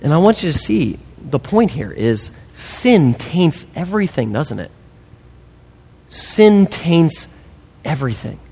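A man preaching a sermon, emphatic and animated, with humorous asides. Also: fairly high pitch, takes it slowly, creaky, slightly rough, long reverb tail. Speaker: pastor.

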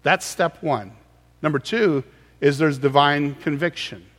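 A man's voice: a little high, a little slow, fairly bright tone, big-room sound. A man preaching a sermon as pastor, earnest and explanatory, often restarting his words.

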